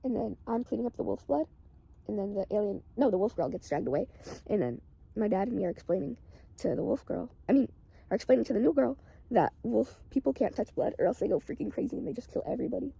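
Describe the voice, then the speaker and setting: Fast, gravelly-voiced woman telling a story. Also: mid-range voice, animated, mellow, no echo. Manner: rambling, fills with "like" constantly. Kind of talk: casual dream storytelling.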